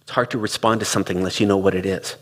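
Husky low-voiced man in a hall. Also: steady tone, rapid-fire, fairly bright tone. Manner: conversational, storytelling with quoted dialogue. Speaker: speaker on relationships. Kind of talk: reflective talk.

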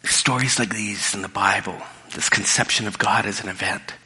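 A man's voice: on the low side, fairly even intonation, normal speed, bright, forceful tone. A middle-aged man preaching a sermon in a casual storytelling way, often restarting his sentences, recorded in a church hall. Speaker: pastor. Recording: long hall reverb.

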